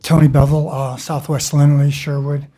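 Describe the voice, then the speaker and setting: A man giving a wry, joking, halting public comment at a city council meeting. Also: a little high, level tone, dark tone. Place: council chamber.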